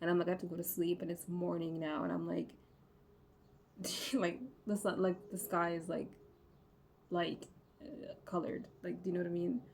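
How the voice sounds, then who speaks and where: A woman's voice: on the low side, level tone, normal speed, gravelly, pauses often, a little mellow, slight background noise. A woman talking casually and bluntly to her viewers, rambling with constant "like" fillers and frequent swearing. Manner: rambling, heavy use of "like" fillers; profane, blunt.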